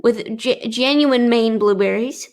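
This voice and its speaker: A woman's voice: on the high side, unhurried. An actress playing a rock star guest on a radio show, hesitant and full of fillers as she promotes frozen dinners. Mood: earnest. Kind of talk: improvised comedy radio bit.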